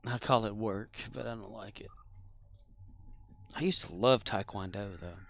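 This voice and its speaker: Gravelly dude rambling on his game stream, goofy self-mocking jokes. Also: fairly low pitch, unhurried, fairly bright tone, slight background noise. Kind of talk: casual live-stream chat while gaming.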